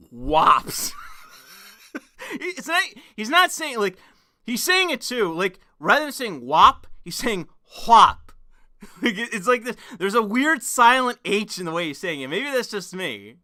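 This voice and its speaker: A man's voice: sits high, sing-song, unhurried, sharp tone, no room sound. A young man hosting a casual stream, reacting to a clip with laughing, profane disbelief.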